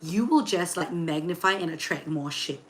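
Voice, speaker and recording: Young woman chatting on a livestream, lots of like and you know, gets excited greeting chat. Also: lowish voice, normal speed, a little hiss or hum. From Singapore. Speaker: livestream host and tarot reader.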